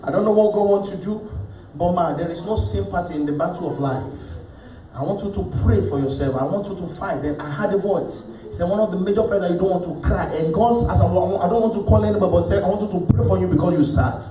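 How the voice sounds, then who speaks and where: A man preaching and leading fervent prayer in a church, at times shouting prayers in tongues. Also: high voice, fast talker, a little hiss or hum. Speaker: pastor. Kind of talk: charismatic sermon and prayer. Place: large church hall. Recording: echoey church hall from far off with music and crowd.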